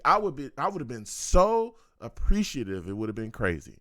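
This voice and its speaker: A man's voice: on the high side, wildly swooping pitch, fairly quick, few pauses, a bit bright, no room sound, studio quality. A man hosting a reaction video, giving blunt and preachy commentary that repeats its points. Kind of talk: casual commentary.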